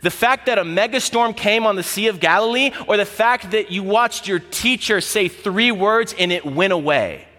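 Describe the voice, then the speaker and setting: Preacher with a ringing hall reverb. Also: male voice, sits high, moderate pace, few pauses, bright, forceful tone. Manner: earnest, vivid storytelling with repeated phrases. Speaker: pastor. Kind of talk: sermon.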